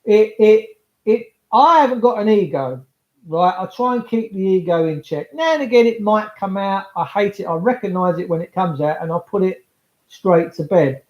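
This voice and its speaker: A man's voice: high voice, expressive, normal speed. A man, rambling chattily to viewers in a casual livestream monologue. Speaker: livestream host. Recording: roomy, slightly dull sound.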